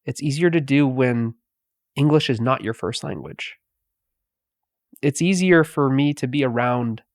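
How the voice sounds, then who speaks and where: Guy giving a slow calm spiritual talk, lots of pauses, dry close sound. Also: medium pitch, no room sound. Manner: slow, pausing, softly spoken. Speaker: spiritual teacher.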